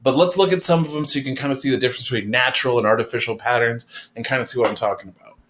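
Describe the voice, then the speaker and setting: A man's voice: medium pitch, very fast, fairly bright tone. A man teaching an art class, explaining design principles in a casual, conversational way with fillers, recorded in a classroom. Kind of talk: classroom lecture.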